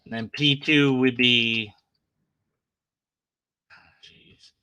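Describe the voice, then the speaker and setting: A man's voice: medium pitch, fairly even intonation, extremely slow, bright, forceful tone, smooth, dry recording, rough recording. A man ranting sarcastically in a reaction commentary, exasperated and swearing, sometimes trailing off into muttered asides. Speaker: video commentator.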